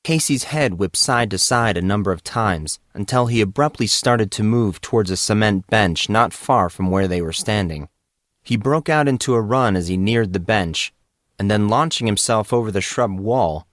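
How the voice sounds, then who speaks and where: Low-voiced male audiobook narrator. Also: no echo, clean studio sound. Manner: steady, measured reading.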